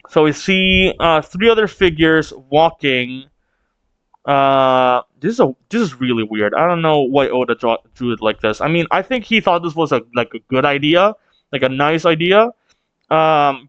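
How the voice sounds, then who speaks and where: A man's voice: a little high, smooth, no room sound, muffled recording. A man hosting a casual manga read-along reaction, rambling with restarts and casual swearing.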